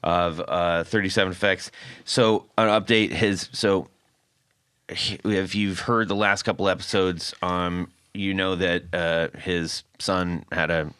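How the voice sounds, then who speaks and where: A man's voice: sits low, fairly even intonation, a little slow, a bit bright, clear, resonant tone, no echo. A man hosting a casual guitar podcast, rambling and correcting himself as he jokes with his co-hosts. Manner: rambling, self-correcting, jokey. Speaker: podcast host. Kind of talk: casual chat.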